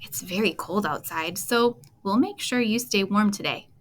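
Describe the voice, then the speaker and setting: A woman reading aloud and voicing a kind, calm female teacher in a children's storybook. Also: medium pitch, normal speed, a little hiss or hum, close to an everyday voice. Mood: gentle. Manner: gentle, calm. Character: kind warm female schoolteacher.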